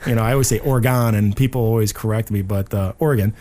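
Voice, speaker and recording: A man's voice: on the low side, fairly even intonation, rapid-fire, mellow. A man co-hosting a podcast, telling a loose story in casual chat with plenty of fillers and restarts. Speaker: podcast co-host.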